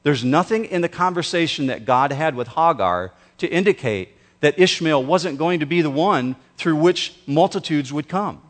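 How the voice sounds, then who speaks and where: Emphatic preacher, lively voice. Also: male voice, a little high. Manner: slow, emphatic preaching with dramatic pauses. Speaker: pastor. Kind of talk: sermon.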